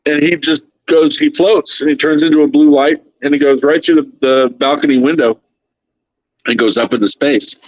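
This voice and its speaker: A man's voice: fairly high pitch, fairly even intonation, moderate pace, dry recording. Earnest man on a dull, dry call line. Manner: earnest, quotes others in his own voice. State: emotional. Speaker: podcast guest. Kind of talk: emotional storytelling.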